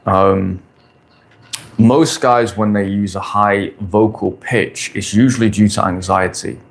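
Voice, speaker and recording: A man in his forties answering questions on a casual live stream, talking bluntly and crudely, often repeating his points. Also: on the low side. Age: 40s. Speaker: dating coach streamer. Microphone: phone or camera on a stand.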